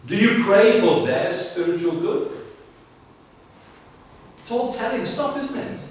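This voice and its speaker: A man's voice: sits high, expressive, slow, slight background noise. A man preaching a sermon as pastor, earnest and emphatic, pressing his listeners with rhetorical questions. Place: church sanctuary. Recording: very echoey church, voice from a distance.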